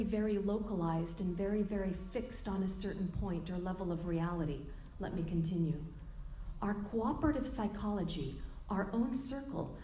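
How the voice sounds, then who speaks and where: A middle-aged woman giving a lecture as a yoga teacher, earnest and emphatic, drawing out key words slowly. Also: mid-range voice, warm tone. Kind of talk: spoken lecture quoting a teacher. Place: yoga studio room. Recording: echoey room.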